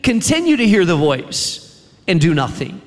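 Preaching to a chapel congregation, this man's high, lively voice leaps and falls sharply, with some vocal fry. Repeated refrains and long, dramatic pauses drive his message home, echoing through the big hall's long reverb.

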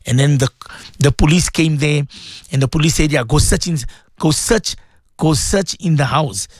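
A man hosting a live radio show, talking earnestly to his listeners, repeating himself and breaking into animated quoted voices. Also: fairly high pitch, normal speed, no echo, studio quality. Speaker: radio show host and religious teacher.

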